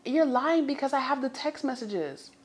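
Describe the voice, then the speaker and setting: Woman voicing a furious, shrill college girlfriend. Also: animated, normal speed. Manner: shouting accusations, high-pitched and loud. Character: furious young woman accusing her cheating boyfriend.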